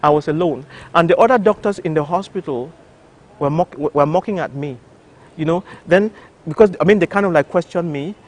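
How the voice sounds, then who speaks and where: Animated male doctor recounting his story. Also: fairly high pitch, a little fast. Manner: animated storyteller with frequent restarts. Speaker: doctor, interview guest. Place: television studio.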